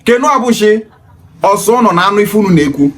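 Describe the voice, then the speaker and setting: A man's voice: sits high, expressive, fast. A man with a Nigerian accent giving an emphatic, preachy monologue full of rhetorical questions. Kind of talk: impassioned monologue in Pidgin and Igbo.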